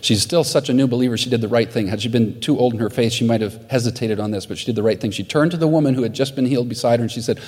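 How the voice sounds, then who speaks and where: A male pastor delivers an earnest sermon at an ordinary middle pitch. His voice rings out with a long hall reverb behind it. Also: rapid-fire, few pauses, darkish tone. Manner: earnest storytelling preacher.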